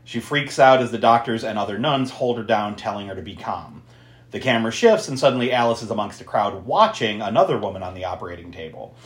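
A man recaps a film for his podcast co-host with lots of energy, swearing and laughing as he goes. His pitch jumps around a lot, and he sounds like he is in a room with some echo. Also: expressive, quick pace. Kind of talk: casual movie recap.

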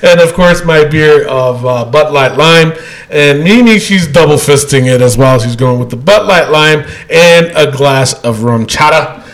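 A man's voice: a little high, animated, unhurried, a bit bright, poor audio. A man hosting a casual wrestling podcast, rambling loosely with lots of fillers and laughter. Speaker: podcast host.

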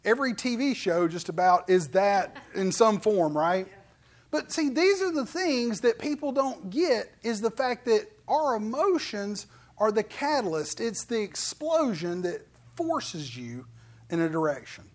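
Man, pastor, high voice, folksy animated sermon, playful asides. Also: a little slow.

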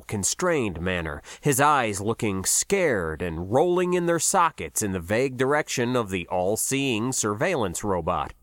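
A man narrating a science fiction story in a measured, expressive way. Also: medium pitch, no room sound, clean studio sound. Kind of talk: audiobook narration.

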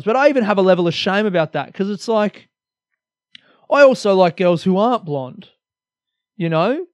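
A man's voice: sits high, expressive, normal speed, pauses often, no echo. A young Australian man hosting a solo comedy podcast, rambling energetically with lots of swearing and self-mockery.

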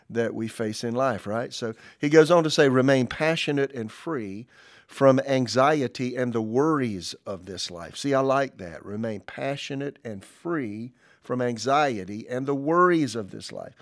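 A man preaching on a church podcast, reading scripture and quotes aloud, then commenting in a relaxed, conversational way with fillers. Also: mid-range voice. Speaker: pastor. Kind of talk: podcast sermon.

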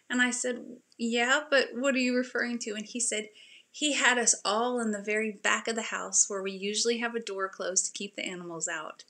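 Woman, faith show host, bright clear voice, chatty and emotional, informal devotional talk. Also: medium pitch. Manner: chatty, laughing, emotional storytelling.

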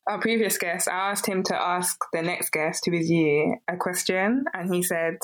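A woman podcast host interviews her guest in a thoughtful, unhurried way, working through her questions with ums and small restarts. Her voice is slightly low for a woman. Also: steady tone, soft background music, poor audio.

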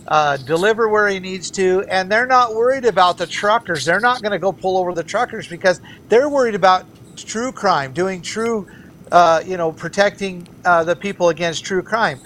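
A man's voice: sits high, moderate pace, fairly bright tone, a little hiss or hum. A man who is a candidate for governor, speaking as an interview guest and arguing his political views earnestly and emphatically. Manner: earnest, emphatic, argues in repeated phrases.

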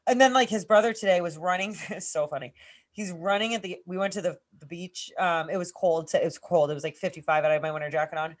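A woman's voice: fairly low pitch, quick pace. Young woman, podcast co-host, casual storyteller with a salty mouth. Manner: swears freely, lively storytelling. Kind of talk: casual chat.

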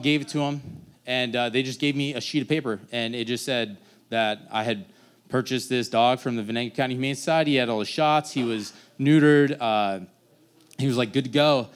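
A man's voice: medium pitch, clean tone. A young man telling a casual, rambling personal story on stage, acting out the people in it. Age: young adult. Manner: casual rambling, acts out quoted voices.

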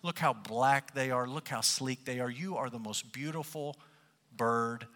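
A man voicing a sly male fox who flatters smoothly, in a storytelling talk recorded in an echoey hall. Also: medium pitch, unhurried, lightly acted. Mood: flattering.

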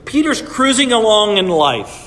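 A man's voice: sits high, very animated, a little slow, fairly bright tone, long reverb tail. A man preaching a sermon to his church in a conversational way, often checking in with his listeners. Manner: conversational preaching with frequent "right?" asides. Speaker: pastor. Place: church sanctuary.

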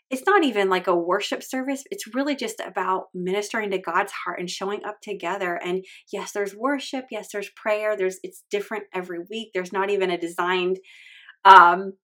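A woman podcast host in her thirties talks about her faith in an earnest, heartfelt monologue. Her voice sits at a middle pitch, and she sounds close to tears as she speaks. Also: a bit bright. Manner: earnest, heartfelt, tearful at times.

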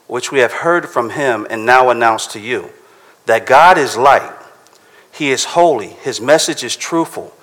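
A pastor, preaching a conversational sermon and reading scripture aloud slowly. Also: male voice, mid-range voice, fairly bright tone.

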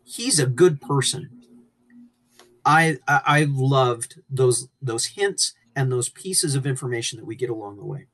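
Husky, lively man, enthusiastic. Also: medium pitch, unhurried. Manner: enthusiastic, restarts and stretches words for emphasis. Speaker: podcast co-host. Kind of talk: casual book discussion. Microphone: remote call mic.

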